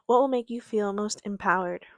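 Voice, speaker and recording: A woman life coach giving a reflective motivational talk in a gentle, calm, quiet and patient way. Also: medium pitch, no room sound. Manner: unhurried, patient delivery. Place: outdoors near a creek.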